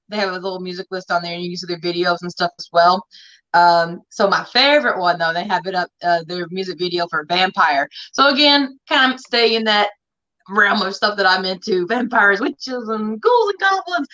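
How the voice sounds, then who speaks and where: Southern lady cohost, talks super fast, bright, kinda lo-fi sound. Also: on the low side. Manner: fast-talking, laughs often. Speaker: radio show co-host. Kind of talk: casual chat.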